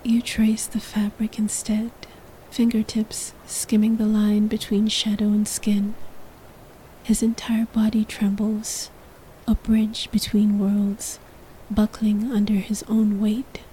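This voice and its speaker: Slow whispering woman telling a story. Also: medium pitch, completely flat delivery, a little hiss or hum, low-quality recording. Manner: slow, hushed, breathy second-person narration. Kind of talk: whispered role-play.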